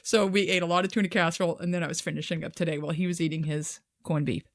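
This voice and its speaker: A woman, co-hosting a podcast and telling animated, profane stories full of acted-out quotes. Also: lowish voice, rapid-fire, dry recording, clean studio sound. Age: 50s. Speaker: podcast co-host. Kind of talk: casual chat.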